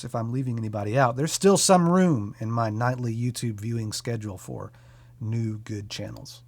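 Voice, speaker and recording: A man hosting a music channel, talking casually and enthusiastically about creators he recommends, with quick self-deprecating asides. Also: mid-range voice, creaky, a little mellow. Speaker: music YouTuber and host.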